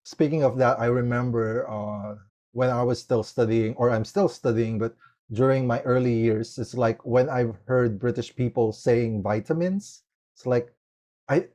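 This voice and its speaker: Mellow-voiced rambling podcast host, a man. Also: medium pitch, steady tone, unhurried. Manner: rambling, heavy use of "like" and "it's like". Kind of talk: casual interview chat.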